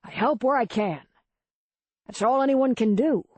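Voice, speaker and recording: A woman voicing a steady, plainspoken small-town bar owner in an audiobook. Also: a little high, a little slow, husky, dry recording, pitched above the performer's own voice. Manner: calm, matter-of-fact.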